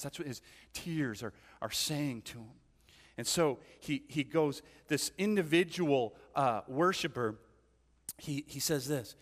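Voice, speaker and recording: A man's voice: on the high side, a little slow, fairly bright tone. A man preaching a sermon as a pastor, telling stories in a conversational way and often asking his listeners "right?". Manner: conversational storytelling with frequent "right?" asides. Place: church hall. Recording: long church hall reverb.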